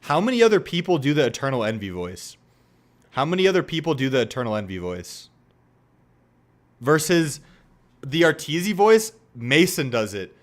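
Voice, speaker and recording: Man, livestreamer, casual chat, animated delivery, jokey. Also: fairly high pitch, moderate pace, long pauses. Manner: animated, joking, reacts to clips. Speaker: streamer.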